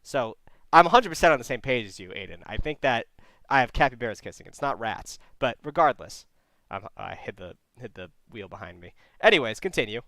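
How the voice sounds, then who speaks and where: A man hosting a casual call-in stream chat, joking and animated, with a voice he describes as low but squeaky. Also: brisk, no echo. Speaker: host.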